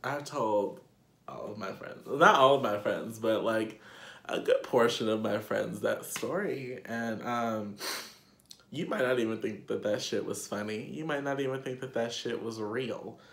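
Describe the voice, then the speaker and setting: A man's voice: fairly low pitch, gravelly, fairly bright tone, echoey room. A young man telling a story to camera in a casual vlog, laughing and swearing as he goes. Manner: slow, laughing, swearing often. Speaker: vlogger.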